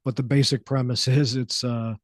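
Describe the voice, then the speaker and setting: A man guesting on a radio interview, talking in a soothing, calm, easygoing way about his work. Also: mid-range voice, normal speed, dry recording, studio quality. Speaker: actor and filmmaker, guest. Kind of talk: casual interview. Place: radio studio.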